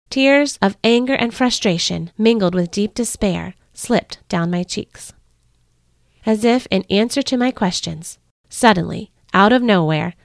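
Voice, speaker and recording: A woman hosting a devotional podcast, reading a first-person story in an earnest, measured way. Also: mid-range voice, no echo, studio quality.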